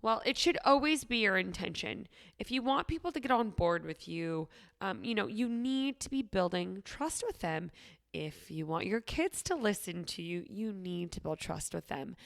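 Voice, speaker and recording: Young female podcast host, stuffy nose from a cold, slight vocal fry, encouraging solo talk. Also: medium pitch, expressive, moderate pace, fairly bright tone. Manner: upbeat, encouraging, talks straight to listeners. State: nasal from a cold, sniffly.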